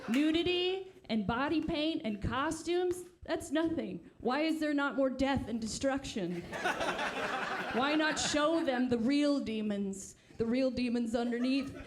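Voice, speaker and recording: A woman's voice: sits high, heavy background noise. A woman comedian giving a mock-serious debate speech in a comedy club, faking earnest outrage.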